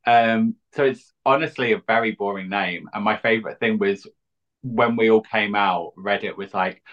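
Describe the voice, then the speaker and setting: A man, a drag queen chatting as an interview guest, cheeky and deadpan. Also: lowish voice, moderate pace. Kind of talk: casual interview chat. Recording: dull lo-fi audio.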